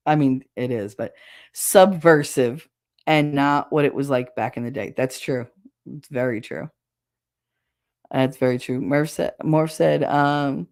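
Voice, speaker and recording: A woman host chatting casually and bluntly with viewers, swearing freely, her throat raw and hoarse. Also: a bass voice, steady tone, unhurried, darkish tone. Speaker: show host reading viewer comments. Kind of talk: casual solo livestream chat.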